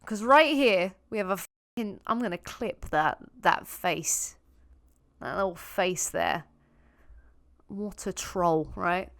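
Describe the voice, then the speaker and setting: A woman's voice: medium pitch, slow pace, fairly bright tone, no echo, studio quality. A woman hosting a vegan reaction video, talking sarcastically, laughing often and swearing freely.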